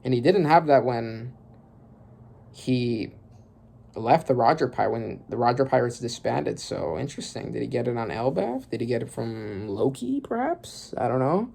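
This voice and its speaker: A man reading through a manga chapter aloud and reacting, often bursting into loud exclamations and swearing. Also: medium pitch, lively intonation, normal speed, vocal fry.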